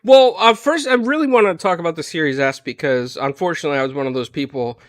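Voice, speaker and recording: A man in casual podcast chat, telling a long story with lots of energy and frequent filler words. His voice sits on the higher side, and the sound is close and dry with no room echo. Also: fast talker. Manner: animated retelling with frequent "like" and "you know". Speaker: podcast panelist.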